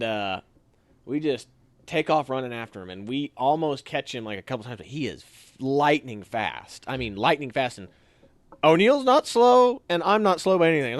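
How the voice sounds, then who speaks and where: A young man casually telling a story, animated and acting out what others said. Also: no echo. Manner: animated, acts out quotes with sudden higher shouts. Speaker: storyteller guest.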